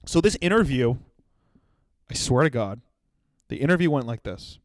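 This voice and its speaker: Animated young man telling a comic story. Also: mid-range voice, moderate pace, no echo. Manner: animated storytelling with acted-out quotes and sudden shouts. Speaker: comedian podcast host. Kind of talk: solo comedic monologue.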